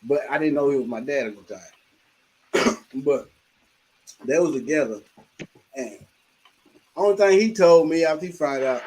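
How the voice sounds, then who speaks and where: Husky older man telling lively stories. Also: a little high, measured pace, long pauses, poor audio. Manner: animated, laughing storyteller, acts out his mother's scolding. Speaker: livestream host. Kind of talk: casual storytelling chat.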